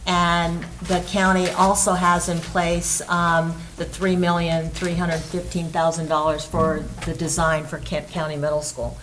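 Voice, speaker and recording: A woman's voice: on the low side, flat delivery, measured pace, hardly any pauses, a bit bright, a little hiss or hum, poor audio. A woman presenting a school budget at a board meeting, speaking conversationally with frequent fillers.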